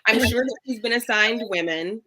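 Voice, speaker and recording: A woman's voice: fairly high pitch, normal speed, sharp tone, poor audio. A woman guest in a casual chat, making dry, wry remarks.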